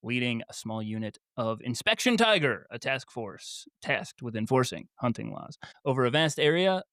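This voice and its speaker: A man's voice: mid-range voice, big pitch swings, moderate pace, fairly bright tone, no room sound, clean studio sound. A man co-hosting a casual book podcast, reading out summaries and laughing often. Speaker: podcast co-host. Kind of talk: casual book-club chat.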